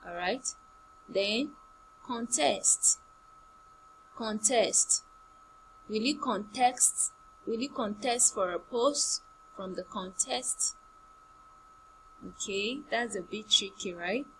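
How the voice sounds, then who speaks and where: Female primary English teacher, drills vocabulary at a slow deliberate pace, faint hum on the recording. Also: medium pitch, fairly bright tone, rough recording. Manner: slow, drilling words by repetition with example sentences. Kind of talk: online class lesson.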